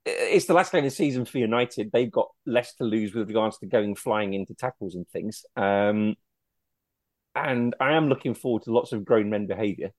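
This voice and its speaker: A man's voice: fairly low pitch, animated, moderate pace, no echo, studio quality. A man on a football podcast panel, playful and talking through his views. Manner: playful, gives his opinions at length. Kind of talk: casual football chat.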